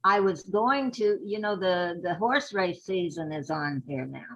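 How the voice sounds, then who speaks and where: A woman's voice: on the low side, a little slow, fairly bright tone, low-quality recording. An older woman, a burlesque performer, chatting as an interview guest in a rambling, giggly way. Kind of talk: casual interview chat.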